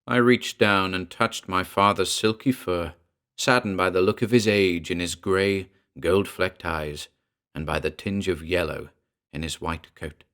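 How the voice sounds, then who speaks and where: A man narrating a first-person horror story in a measured, earnest way. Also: sits low, a bit bright, clear, resonant tone. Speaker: audiobook narrator. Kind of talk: scripted narration.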